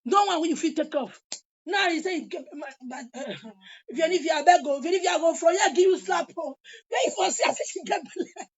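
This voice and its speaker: High-voiced Nigerian woman ranting heatedly. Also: fast talker, dull audio. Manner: heated, taunting, sometimes shouting. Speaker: vlogger. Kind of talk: angry rant.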